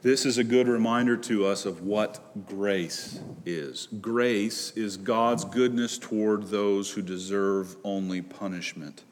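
A man's voice: fairly even intonation, slow pace, few pauses, slight background noise. Man preaching in a reverberant hall. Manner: earnest preaching, swings from loud pleas to low hushed lines. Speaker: pastor. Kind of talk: sermon. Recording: long reverb of a large hall.

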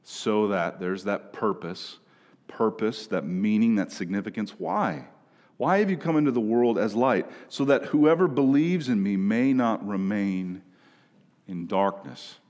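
A man in his thirties preaching a sermon as a pastor, emphatic, dropping low and then rising loud. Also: lively intonation, a little slow. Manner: emphatic preaching, swings between hushed and raised. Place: church sanctuary. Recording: church hall reverb.

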